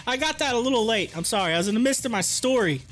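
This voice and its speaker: A man hosting a livestream, telling a story in animated casual chat, laughing often and acting out what people said. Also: extremely high pitch, fast, faint music behind. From rural area. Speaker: livestream host.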